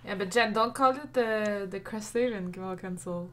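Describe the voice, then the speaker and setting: A woman with a bright, sharp voice takes part in a tabletop role-playing game. She speaks quickly and insistently. Her pitch sits in the middle range. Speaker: player.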